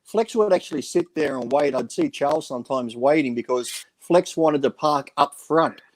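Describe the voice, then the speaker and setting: A man's voice: on the high side, normal speed. A man telling rambling gym anecdotes in a casual radio talk show, acting out the quoted lines. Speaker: podcast panelist. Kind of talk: casual storytelling chat.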